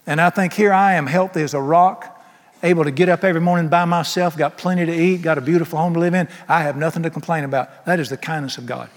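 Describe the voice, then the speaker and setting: A man's voice: a little high, steady tone, fast talker. A middle-aged man preaching a sermon, emphatic and folksy, with humorous asides. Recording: long hall reverb.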